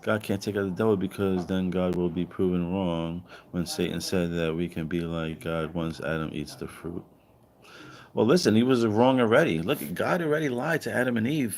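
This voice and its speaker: Animated man ranting with swearing. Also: normal speed. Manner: animated, swearing, rhetorical questions; acts out quoted voices with higher pitch. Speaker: online commentator. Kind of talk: casual livestream monologue.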